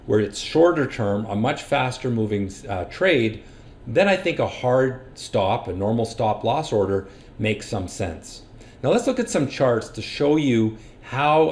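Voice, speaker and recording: Over a screen recording, a man who runs a stock trading education channel explains risk and stop losses in a plain, practical teaching style. His mid-range voice has a darkish tone.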